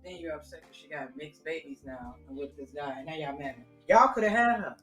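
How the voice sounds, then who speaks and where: Co-host guy with a higher voice, jumps in agreeing, faint music under. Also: a little fast, a bit bright. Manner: agreeing, chiming in. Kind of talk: casual chat.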